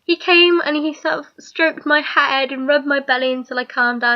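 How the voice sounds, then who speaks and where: A woman's voice: high-pitched, moderate pace, few pauses. A young woman chatting casually to camera, rambling and giggling as she talks. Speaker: vlogger. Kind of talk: casual chat. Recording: dull lo-fi recording.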